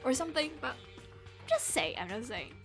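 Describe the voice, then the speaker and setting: A woman with a high voice and big pitch swings plays a visual novel on stream at a moderate pace, soft music behind her. She chats casually and playfully, rambles, laughs a lot, and tries out character voices.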